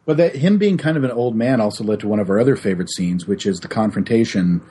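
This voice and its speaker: A man's voice: on the low side, fast, dark tone, a little hiss or hum. A man co-hosting a casual podcast, retelling scenes in a dry, wry way. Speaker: podcast co-host. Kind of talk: casual chat.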